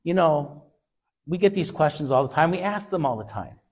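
A man's voice: on the high side, lively intonation, moderate pace, breathy edge. A male pastor preaching a sermon with an emphatic, repetitive cadence.

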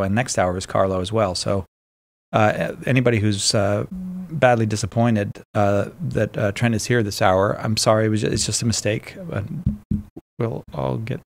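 A man hosting a live call-in radio show, jovial and quick to laugh, with many fillers. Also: fairly low pitch, vocal fry.

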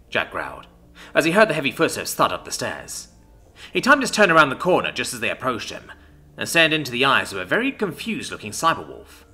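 Guy narrating a story, super lively pitch, bright voice. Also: fast talker. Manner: expressive, storytelling. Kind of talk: scripted narration.

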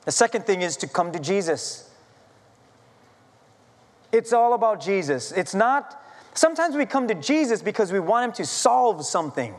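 A pastor preaching a sermon, telling an animated story with self-deprecating humor. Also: male voice, high-pitched, moderate pace, long pauses, long reverb tail. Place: church sanctuary.

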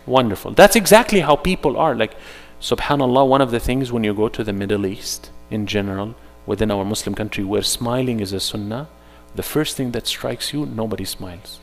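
A man leading an interactive workshop at a mosque, animated, acting out little dialogues and dropping Arabic phrases into his English. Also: on the low side, normal speed, long reverb tail. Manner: animated, acts out dialogues in put-on voices.

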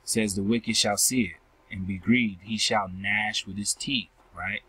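This scripture teacher has a low voice with fairly even intonation, a sharp tone, and a breathy edge, heard on a rough recording. He moves slowly and repetitively through the verses he reads and explains, calling his listeners family and tacking a questioning "right?" onto nearly every phrase.

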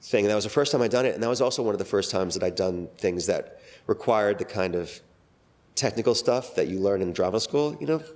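Fast-talking middle-aged actor, rambling. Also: male voice, on the low side, expressive, a little mellow. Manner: rambling, many fillers and restarts. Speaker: guest actor. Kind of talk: casual interview talk.

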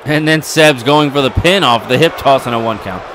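A man giving excitable play-by-play commentary over a wrestling video game, getting louder at the big moments. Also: mid-range voice, moderate pace, crowd noise, noisy background. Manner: excitable, building to yelling at near falls.

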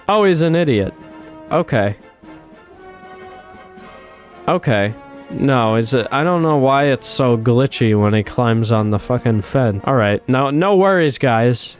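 A young man giving excitable, swearing commentary while playing a game and talking to his animals. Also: medium pitch. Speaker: gaming YouTuber. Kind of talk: casual gameplay commentary.

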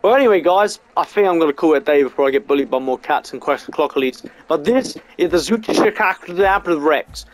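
Excitable swearing gamer man. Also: on the high side, a little fast, hardly any pauses. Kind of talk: let's-play game commentary.

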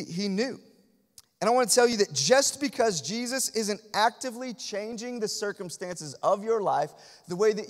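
A man delivers a sermon in a high, lifted voice. He repeats phrases for emphasis and moves between soft, hushed lines and loud, urgent ones. A long church reverb trails after every line. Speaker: pastor. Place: church sanctuary.

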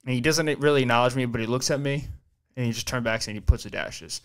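A man's voice: mid-range voice, steady tone, fast talker, fairly bright tone, smooth. A young man hosting a podcast, telling a long story in a rambling, profane way, full of fillers and restarts. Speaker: podcast host. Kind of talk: casual storytelling chat.

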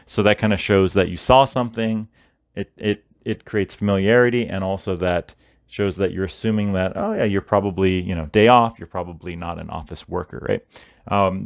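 A man's voice: deep voice, no room sound, studio quality. A man hosting a podcast, talking casually and rambling with many fillers and tag questions. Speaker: podcast host. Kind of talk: casual instructional podcast monologue.

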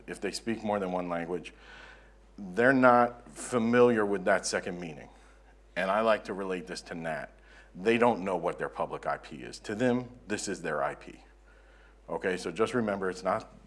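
A man from the southern United States giving a relaxed, self-deprecating conference presentation in a conference room. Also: sits low. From Southern United States (Florida). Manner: conversational, self-deprecating, joking. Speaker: conference speaker.

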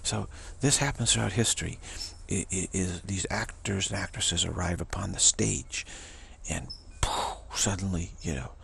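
A man giving rambling spiritual commentary, chuckling and halting with many restarts. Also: low-pitched, vocal fry, a bit bright, slight background noise.

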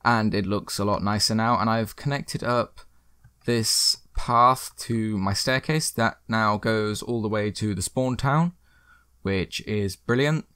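A man's voice: lowish voice, takes it slowly, fairly bright tone, clean tone, dry recording, clean studio sound. A young man chatting upbeat over his gameplay, now and then rambling a little. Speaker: gaming video host. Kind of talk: casual gameplay commentary.

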